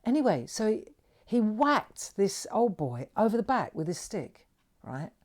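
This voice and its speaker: A woman hosting a craft livestream, telling a rambling, animated story while she demonstrates. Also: medium pitch, a little slow. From England. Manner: rambling, animated anecdotes with frequent "right?".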